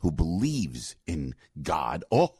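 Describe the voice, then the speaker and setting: Older man, morning radio host, deep voice, lively swings in pitch, dry studio sound. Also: fairly quick, slightly rough, dry recording. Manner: animated, rambling, with many restarts and fillers. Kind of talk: fired-up radio monologue. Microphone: studio microphone.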